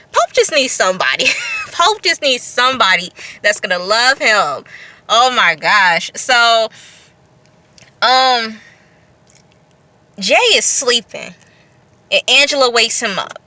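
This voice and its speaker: Bright, dry-voiced woman recapping TV. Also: on the high side, slow, dry recording. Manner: expressive, repeats phrases, breaks into laughs. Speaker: TV review vlogger. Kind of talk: unscripted casual TV recap.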